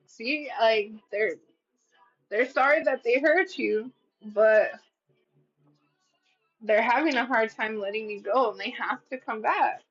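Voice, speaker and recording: A woman's voice: on the high side, slow pace, long pauses, fairly bright tone, breathy edge. A woman doing a casual tarot reading, blunt and profane, acting out what people say and laughing at her own readings. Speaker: tarot reader. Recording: slightly dull lo-fi sound.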